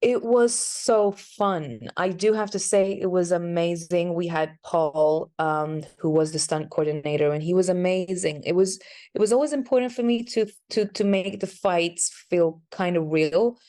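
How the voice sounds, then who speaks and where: Woman with a lowish voice. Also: measured pace, dark tone. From Sweden. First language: Swedish. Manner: chatty, searching for words. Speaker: actress, interview guest. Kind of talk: casual interview answers.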